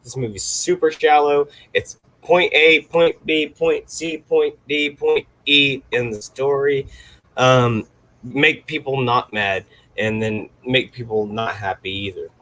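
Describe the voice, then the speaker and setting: A man's voice: medium pitch, steady tone, takes it slowly, pushed and bright, low-quality recording. A man in a casual movie-review chat, speaking bluntly and dismissively, with some swearing. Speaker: podcast co-host.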